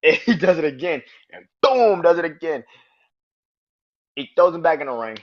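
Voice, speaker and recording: A man hosting a podcast, casually reviewing a wrestling match in a profane, animated way. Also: on the high side, moderate pace. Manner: animated, profane, acts out quotes in raised voices. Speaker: podcast host. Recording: dull lo-fi audio.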